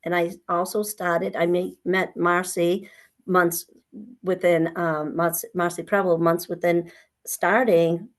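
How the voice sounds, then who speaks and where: Middle-aged New woman, guest, slightly low voice, animated storyteller. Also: slow. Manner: animated storytelling, acting out conversations. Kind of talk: personal story in an interview.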